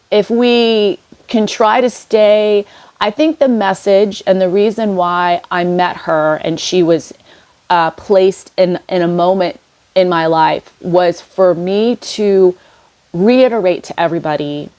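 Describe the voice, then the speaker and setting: A woman's voice: fairly low pitch, slow, darkish tone. A woman vlogger talking casually about spiritual growth, rambling with many fillers and restarts. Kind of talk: casual inspirational monologue.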